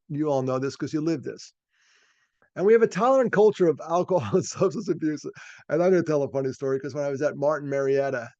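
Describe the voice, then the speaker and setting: A man's voice: medium pitch, warm tone, dry recording. Folksy man on a dull video call. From New York. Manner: folksy, self-deprecating, rambling with fillers. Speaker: speaker. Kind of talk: storytelling talk.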